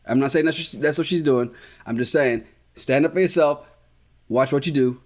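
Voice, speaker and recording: A man's voice: fairly high pitch, fairly quick. A man from the Caribbean co-hosting a podcast in casual recap chat, blunt and swearing freely. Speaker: podcast co-host.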